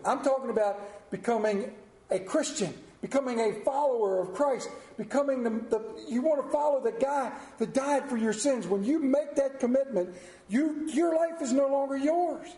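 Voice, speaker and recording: Man, pastor giving a sermon: high, mellow voice, echoey church room, swings from hushed to loud.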